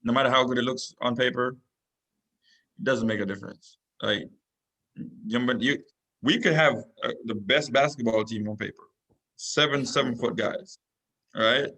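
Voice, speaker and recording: A man of middle pitch talks in a relaxed, conversational way as a guest on a podcast. He builds his points with everyday analogies and often cuts in with "listen.". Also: normal speed, pauses often. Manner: laid-back, opens points with "listen", uses analogies. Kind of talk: casual chat.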